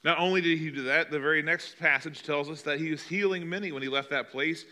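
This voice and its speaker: A male pastor delivering a sermon with a bright, forceful voice. He preaches dramatically, swinging between loud emphatic lines and quiet, hushed ones as he acts out the quotes. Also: a little high, fairly even intonation, quick pace.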